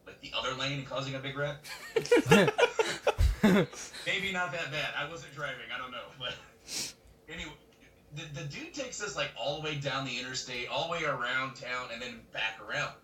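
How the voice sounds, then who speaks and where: A man co-hosting a podcast, telling a story in casual chat, animated and laughing as he acts out other people's lines. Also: mid-range voice, normal speed, long pauses, crowd noise. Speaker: podcast co-host. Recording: roomy webcam mic from a distance, faint noise.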